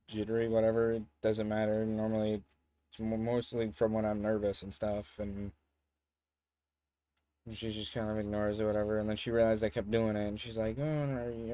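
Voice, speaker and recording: A man's voice: fairly low pitch, a little mellow. A young man telling a story in a casual vlog, rambling and joking, with some swearing. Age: young adult. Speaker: vlogger.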